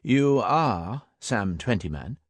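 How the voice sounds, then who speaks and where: A man voicing a wary, knowing middle-aged Frenchman who speaks slow, deliberate English with a French accent. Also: fairly low pitch, sing-song, no echo, pitched above the performer's own voice, exaggerated voice. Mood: probing.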